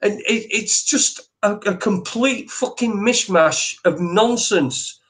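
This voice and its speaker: A man co-hosting a talk show, ranting in sweary, animated bursts with lots of restarts. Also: high voice, takes it slowly. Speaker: podcast co-host. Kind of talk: ranting opinion chat.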